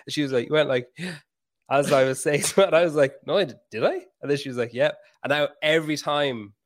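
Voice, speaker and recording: A man's voice: a little high, steady tone, quick pace. A man in his thirties chatting casually about parenting, rambling and self-mocking, swearing freely. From Ireland. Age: 30s. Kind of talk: casual chat.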